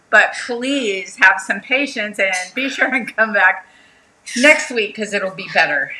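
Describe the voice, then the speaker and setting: A woman's voice: medium pitch, animated, slow pace, sharp tone, rough recording. A woman hosting a casual craft livestream, chatting and greeting her viewers by name.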